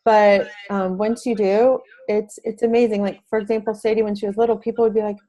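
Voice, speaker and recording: A woman's voice: mid-range voice, level tone, a little fast, dark tone, dull audio. A middle-aged woman, a parent advocate, talking earnestly as an interview guest, with frequent restarts. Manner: earnest, talkative with many restarts. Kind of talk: interview talk.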